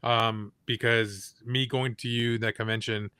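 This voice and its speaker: A man's voice: medium pitch, little pitch movement, measured pace, bright, forceful tone, smooth, no echo, clean studio sound. A man hosting an interview, giving short eager agreeing replies. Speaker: interviewer host. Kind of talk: casual interview chat.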